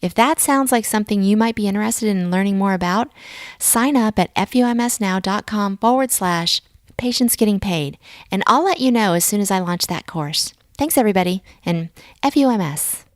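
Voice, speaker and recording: A woman's voice: medium pitch, expressive, normal speed, no echo. Upbeat woman podcast host. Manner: upbeat, chatty. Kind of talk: podcast interview.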